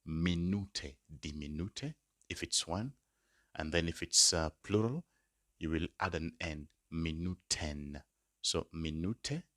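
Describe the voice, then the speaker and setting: A man tutoring a language lesson, patiently repeating each word slowly for learners. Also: low-pitched, bright, forceful tone, no room sound, studio quality. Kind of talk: spoken lesson.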